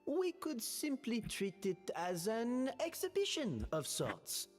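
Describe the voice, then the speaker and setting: A showy host with a fake French accent. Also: male voice, very high voice, wildly swooping pitch, takes it slowly, soft background music, exaggerated voice. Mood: theatrical. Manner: grandiose, showy, over-the-top. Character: flamboyant male hotel host, theatrical.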